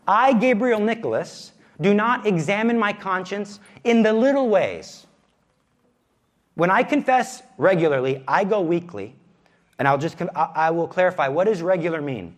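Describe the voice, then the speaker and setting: Youth minister, man in his thirties, high voice with lively swings, chatty and self-mocking as he teaches. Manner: animated, self-deprecating, conversational. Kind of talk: teaching a parish class.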